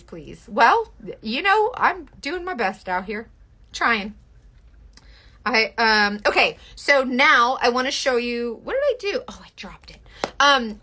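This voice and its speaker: A young woman with a slightly high, sharp voice chats her way through a live-stream makeup tutorial. She gushes over products and is quick to apologize for her own bluntness with self-deprecating asides.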